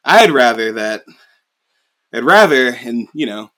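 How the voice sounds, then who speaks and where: A man's voice: mid-range voice, expressive, slow, bright, forceful tone. A man casually recapping a story, rambling with lots of fillers and swearing. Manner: profane, rambling, many fillers. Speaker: anime recap host.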